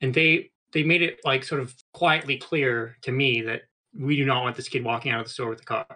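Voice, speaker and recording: A man as a podcast guest, telling rambling anecdotes in a relaxed, casual way. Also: mid-range voice, brisk. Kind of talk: casual storytelling.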